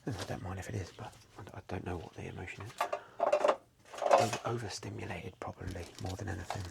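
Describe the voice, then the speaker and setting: A man, softly whispering as he chats casually and rambles during an ASMR video. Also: deep voice, fairly even intonation, quick pace, creaky, heavy background noise. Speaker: card seller and streamer. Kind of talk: soft-spoken ASMR chat. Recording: loud crinkling packaging close to the mic.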